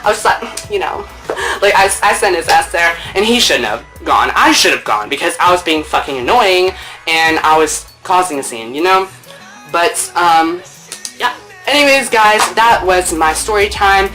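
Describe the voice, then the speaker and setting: A man telling a story in a casual vlog, animated, laughing, and swearing freely. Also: high-pitched, moderate pace, soft background music, rough recording. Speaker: vlogger.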